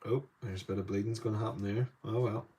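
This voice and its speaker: A man's voice: lowish voice, steady tone, fast talker, warm tone. An Irish man teaching watercolour live, chatting to viewers with rambling asides while he paints in a studio. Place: indoor art studio.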